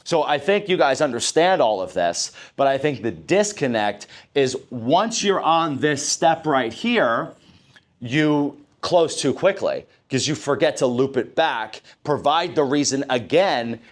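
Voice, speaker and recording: A man's voice: mid-range voice, animated, measured pace. A man running a live sales training session, coaching his team, asking the room questions and acting out lines he would say to customers.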